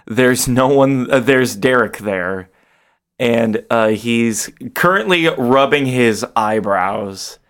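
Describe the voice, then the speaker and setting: A man narrating a tabletop game as game master, animated and often laughing. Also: slow, clean tone. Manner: animated, breaks into laughter and high squeals.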